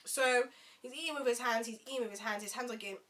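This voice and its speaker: A young woman telling a storytime tale in a chatty, animated way, often turning to her viewers. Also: fairly high pitch, fast talker. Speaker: vlogger.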